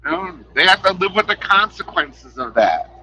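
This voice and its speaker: A man chatting casually on a live stream, talking in an animated, passionate way and swearing freely, speaking into a headset. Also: sits high, normal speed, slightly rough, poor audio. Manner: animated, passionate, profane talk.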